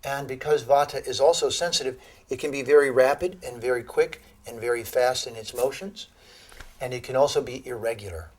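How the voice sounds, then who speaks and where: A man giving a lecture on Ayurveda to an audience, telling animated stories and laughing at his own jokes. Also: mid-range voice, fairly quick. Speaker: Ayurveda teacher.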